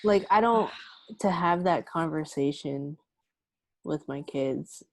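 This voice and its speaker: Young woman podcast co-host, low voice, dry sound, unsure and full of fillers. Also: slow pace, no room sound. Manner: hesitant, lots of "like, I don't know". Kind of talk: casual chat.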